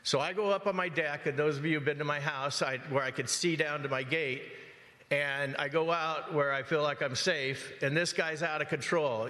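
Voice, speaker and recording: A man's voice: a little high, moderate pace, pushed and bright. A man speaking as a resident in public comment at a council meeting, telling an upsetting story in an agitated, emphatic way and often asking "okay?". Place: council chamber. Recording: long hall reverb in a council chamber.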